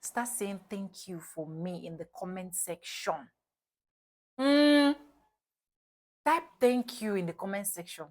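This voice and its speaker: A woman's voice: lowish voice, moderate pace, few pauses. A young Nigerian woman vlogging, telling a story dramatically and repeating phrases for emphasis. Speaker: YouTube vlogger. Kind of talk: storytelling vlog.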